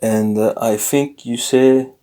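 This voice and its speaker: A man teaching a casual language lesson, explaining slowly with many fillers and self-corrections. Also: medium pitch, fairly even intonation, dark tone.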